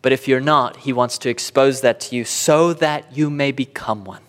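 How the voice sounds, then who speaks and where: A man's voice: medium pitch, normal speed, fairly bright tone. A man preaching a sermon as pastor, earnest and emphatic, driving points home with repeated phrases. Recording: long hall reverb.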